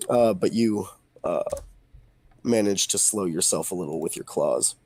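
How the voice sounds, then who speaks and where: A man narrating as game master, describing scenes in a halting way with many fillers. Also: low-pitched, expressive, breathy edge.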